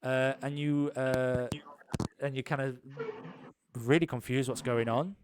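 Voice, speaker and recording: A man's voice: mid-range voice, steady tone, a little slow, noisy background. Young male GM, loose rambling narration, lots of ums, tabletop one-shot. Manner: rambling, many ums and restarts. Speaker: game master. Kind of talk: improvised tabletop game narration.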